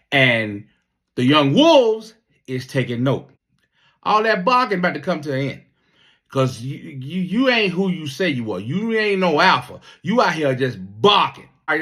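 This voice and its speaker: A man's voice: mid-range voice, a bit bright. A man in his fifties, a Navy veteran, telling a story casually with a lot of profanity and repeated words. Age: 50s.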